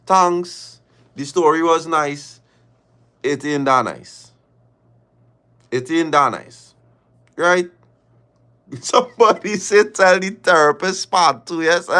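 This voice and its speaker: A man hosting a livestream, reading viewer confessions aloud and reacting with drawn-out exclamations and slang. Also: mid-range voice, a bit bright. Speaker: livestream host.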